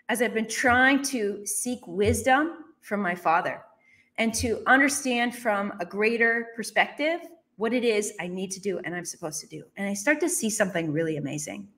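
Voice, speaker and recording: A woman in her thirties or forties tells a motivational business story at an ordinary pitch. She talks in a lively way and acts out her own past reactions, slipping into brief laughs as she does. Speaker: business speaker.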